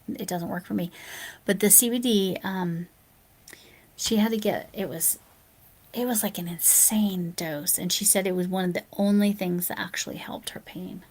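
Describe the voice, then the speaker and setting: Late at night, a sleepy, yawning woman streams live, casually reading viewer comments and answering them. Her fairly low voice has a gravelly, fried edge and often drops into a soft near-whisper.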